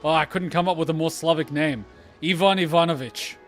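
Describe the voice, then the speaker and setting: Male gameplay reactor, slightly high voice, sarcastic, heavy swearing, faint game music behind. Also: fairly quick, a bit bright. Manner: sarcastic, swears often, exasperated outbursts. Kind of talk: casual gameplay commentary.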